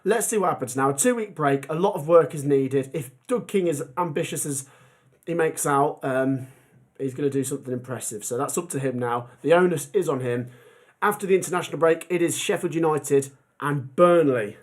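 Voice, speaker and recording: Casual male streamer, young adult, slightly high voice, rambling chat with lots of ums. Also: fairly quick. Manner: chatty, rambling, many ums. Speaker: football fan channel host. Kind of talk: casual livestream chat reading comments.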